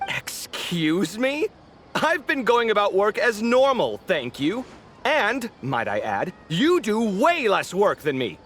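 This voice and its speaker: An actor playing a dramatic, sociable man who is expressive and quick to bicker. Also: sits high, a little hiss or hum, heavily acted. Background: game music.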